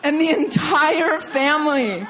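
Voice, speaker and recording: Woman storyteller, bright high voice, lively and giggly delivery. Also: a little slow, slight background noise. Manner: animated, laughing through the story. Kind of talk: comic personal storytelling.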